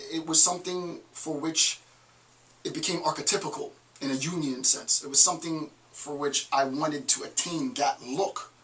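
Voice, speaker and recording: A man's voice: on the high side, a bit bright, far from the mic, rough recording. A middle-aged man giving a recorded online lecture, full of digressions and joking asides. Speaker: college lecturer.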